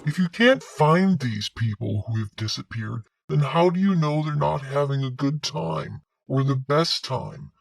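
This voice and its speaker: An actor playing a male cult leader on a talk show, who rambles in a calm, self-assured and surreal way. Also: mid-range voice, measured pace, creaky, hardly any pauses, a little hiss or hum. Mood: serene, rambling.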